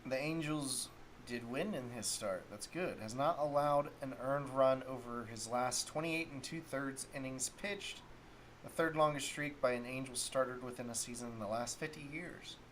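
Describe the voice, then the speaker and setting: A man's voice: medium pitch, moderate pace, a bit bright, a little hiss or hum. A man hosting a solo sports talk stream, rambling casually and thinking aloud while he looks up stats. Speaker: sports talk show host.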